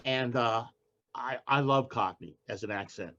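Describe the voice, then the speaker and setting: An older man, a poet being interviewed, who talks casually and haltingly, with many restarts. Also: medium pitch, pushed and bright, dull audio. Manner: halting, with frequent restarts and fillers. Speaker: poet guest.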